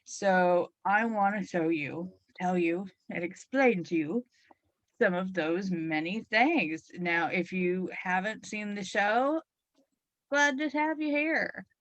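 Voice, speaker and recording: A middle-aged woman hosts a hypnotherapy radio show in a chatty, playful way. Her voice is a bit froggy and hoarse today. The sound is close and dry, with no room around it. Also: medium pitch, slow, no room sound, dull audio. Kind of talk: talk radio show with guided relaxation.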